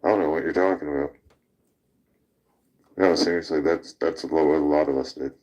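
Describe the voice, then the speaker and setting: A man's voice: rumbling low, fairly even intonation, normal speed, darkish tone. A man hosting a casual talk show, telling a rowdy story with laughter and swearing. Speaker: podcast host.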